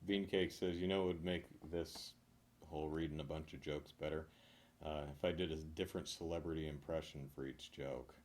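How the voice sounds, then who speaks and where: A man reading a list of corny jokes aloud in a deadpan way, chuckling now and then and making dry asides. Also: extremely low pitch, moderate pace. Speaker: joke reader.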